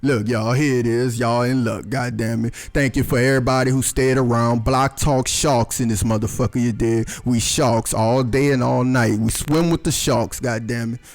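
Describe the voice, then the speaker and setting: Profane, animated male reviewer. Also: mid-range voice, normal speed, few pauses. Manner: animated, profane, swears constantly. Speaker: show reviewer. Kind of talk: casual profane commentary.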